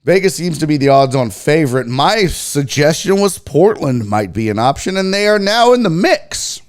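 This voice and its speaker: A man's voice: fairly high pitch, sing-song, moderate pace. A middle-aged man hosting a sports talk show, rambling casually with profanity and self-mockery.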